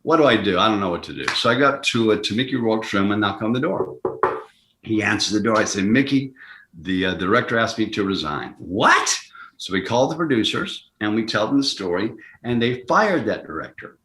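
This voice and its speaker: An older man tells a long story as an interview guest. His voice sits lowish, and he stops and restarts often. He jumps up in pitch to act out the people he quotes, and the room around him is echoey. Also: expressive. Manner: acts out quoted voices, jumping higher and louder; halting, with many restarts. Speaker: actor guest. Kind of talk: anecdotal storytelling. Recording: roomy echo.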